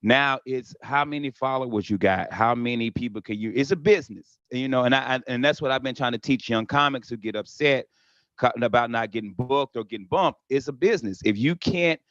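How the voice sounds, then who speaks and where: Talking a little fast in a mid-range, fairly bright voice, this middle-aged man is a guest comedian telling stories on a casual podcast. He does quick impressions of those he quotes and cusses freely; the audio has no room sound but is slightly dull and lo-fi.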